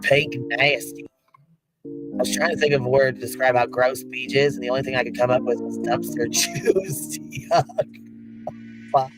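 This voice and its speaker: A man's voice: mid-range voice, flat delivery, normal speed, over loud music, poor audio. A man streaming live, talking casually, swearing constantly and laughing through his words.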